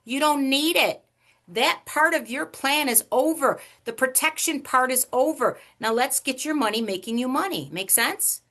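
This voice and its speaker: A woman presenting a money workshop over a video call, chatty and animated, teasing the audience with questions. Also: high voice, moderate pace. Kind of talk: online workshop lecture.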